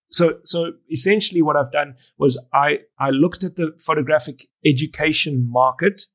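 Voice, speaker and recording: A middle-aged man, a wedding photographer and educator, telling stories in an interview and acting out the conversations he recalls. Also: on the high side. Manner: animated, acts out conversations, frequent restarts. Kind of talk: storytelling in a podcast interview.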